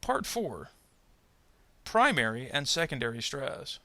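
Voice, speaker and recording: Gravelly, bright-toned man teaching pronunciation. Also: medium pitch, very animated, no echo. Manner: measured, explanatory, careful. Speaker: adult ESL pronunciation teacher. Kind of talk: instructional narration.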